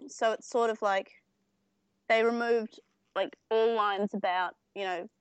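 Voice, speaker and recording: A woman's voice: medium pitch, fairly even intonation, measured pace, clean tone, dry recording. A young woman co-hosting a casual podcast, recapping an anime at length with many fillers and restarts. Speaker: podcast co-host. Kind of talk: casual chat comparing anime versions.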